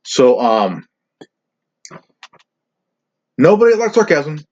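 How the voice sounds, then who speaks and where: A man's voice: fairly high pitch, very animated, normal speed, darkish tone, muffled recording. A man hosting a podcast in a crude, rambling monologue, swearing, ranting and stumbling over his words. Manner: profane, ranting, stumbling restarts. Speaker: podcast host.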